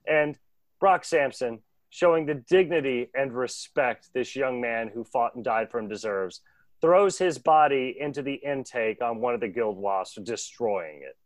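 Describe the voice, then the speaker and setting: A man casually recapping a cartoon episode with a co-host, animated and laughing often. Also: medium pitch, no room sound. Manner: animated, laughing, doing quick voices. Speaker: podcast co-host.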